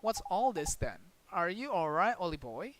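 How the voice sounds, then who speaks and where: A man's voice: sits high, sing-song, moderate pace, over music. An actor voicing a brash fairy man who talks in blunt, teasing slang. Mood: cheeky.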